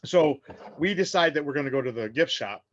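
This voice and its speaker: A man's voice: fairly high pitch, a little fast, no room sound, dull audio. A middle-aged man from Indiana, a podcast guest telling stories in casual chat and acting out what people said. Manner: animated storyteller, acts out quotes.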